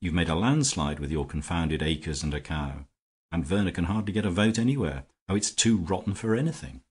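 A man's voice: deep voice, fairly quick, slightly rough. A man voicing a sulky, scheming English brother who blusters and complains, in an audiobook reading. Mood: exasperated.

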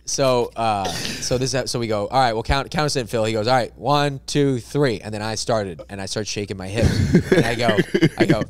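Animated man telling a story, smooth voice. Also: medium pitch, moderate pace, hardly any pauses, dry recording. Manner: animated, acts out characters in his story. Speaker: comedian guest. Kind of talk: casual storytelling.

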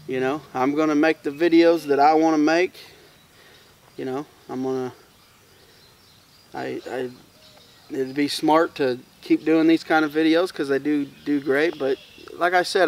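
Chatty man rambling by a campfire. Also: a little high. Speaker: bushcraft vlogger. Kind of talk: casual campfire chat to camera. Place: outdoors in the woods at a campsite. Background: crickets and insects.

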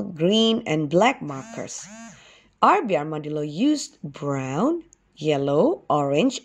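A woman teaching kindergarten, reading a children's animal story aloud in a slow, expressive way. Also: on the low side, vocal fry.

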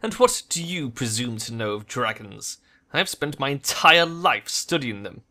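A man voicing an aging, ailing male scientist who speaks with measured, solemn conviction in a game read-through. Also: mid-range voice, pushed and bright, lightly acted. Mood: indignant.

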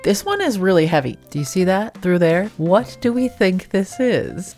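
A woman vlogger unboxing an advent calendar of crystals, gushing with excited exclamations in casual commentary. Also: mid-range voice, normal speed, faint music behind.

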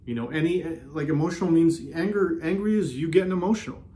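A man hosting a self-help video, talking earnestly in a casual motivational way, often repeating himself and slowing down on key phrases. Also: on the high side, expressive, warm tone. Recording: roomy echo.

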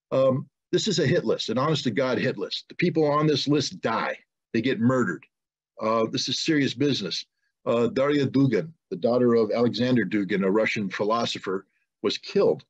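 A man's voice: medium pitch, breathy edge. A man giving an interview who speaks indignantly, building to emphatic rhetorical questions. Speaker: interview guest. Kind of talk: impassioned interview answer. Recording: dull lo-fi audio.

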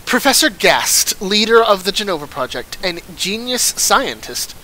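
A man voicing a cold, menacing male swordsman villain, speaking slowly and calmly while reading the lines of a game. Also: high voice, slight background noise, pitched above the performer's own voice, full character voice, poor audio. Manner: slow, calm and measured.

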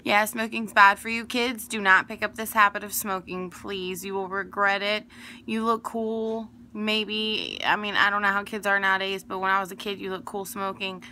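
A woman's voice: mid-range voice, little pitch movement, moderate pace, few pauses, sharp tone, slight background noise. A young adult woman telling a personal story in a casual, rambling, emphatic way.

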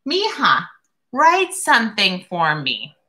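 Lady doing proud storybook mom, slow, encouraging. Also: medium pitch, wildly swooping pitch, pushed and bright, full character voice. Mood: loving. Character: proud, loving mother.

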